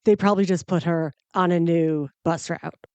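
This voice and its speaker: A woman's voice: lowish voice, fairly even intonation, moderate pace, darkish tone, clear, resonant tone, dry recording, muffled recording. A woman hosting a comedy podcast, telling a story in a wry, self-mocking monologue full of exaggeration for laughs.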